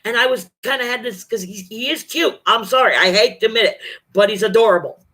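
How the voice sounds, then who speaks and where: Vlogger, bright forceful voice, profane, emphatic storytelling, acts out quotes. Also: mid-range voice, a little fast. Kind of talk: casual storytelling monologue.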